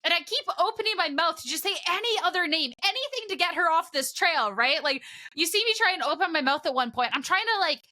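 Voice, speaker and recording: Woman, young adult, podcast co-host, high voice, casual storytelling, animated. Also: quick pace. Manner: animated storytelling with frequent laughter. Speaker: podcast co-host and broadcast commentator.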